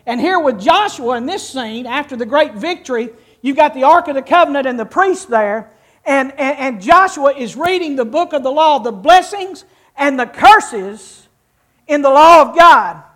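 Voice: sits high, animated, moderate pace, a bit bright. A preacher reading scripture and teaching a congregation in a folksy, interactive way in church. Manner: folksy, teaching, with audience participation. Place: church before a live congregation.

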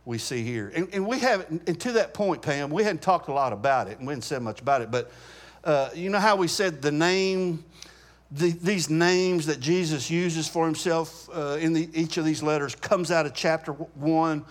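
Man teaching a Bible class, slightly high voice. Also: moderate pace. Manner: conversational, asks class questions, frequent restarts.

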